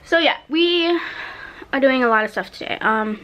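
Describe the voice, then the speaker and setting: A woman's voice: high-pitched, expressive, moderate pace, fairly bright tone, slight background noise. A young woman chatting casually in a vlog from a hotel room, rambling with lots of fillers. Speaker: student vlogger.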